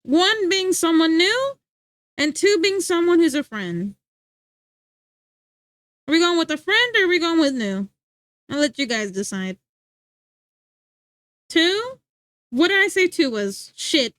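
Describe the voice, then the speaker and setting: A woman's voice: very high-pitched, big pitch swings, takes it slowly, pauses often, a bit bright, dry recording. A woman livestreamer chatting casually with her viewers, giggly and full of filler words.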